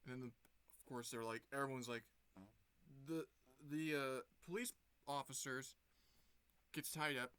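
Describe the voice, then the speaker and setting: A man's voice: mid-range voice, measured pace, pauses often, sharp tone, clear, resonant tone. A man casually retelling a movie plot for a review vlog, rambling with lots of fillers and restarts.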